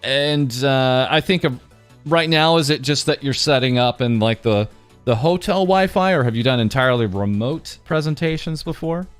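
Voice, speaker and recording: A man's voice: mid-range voice, normal speed, clean tone, no room sound, soft background music. A man hosting an interview, asking questions casually with frequent hesitant fillers. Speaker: interviewer host.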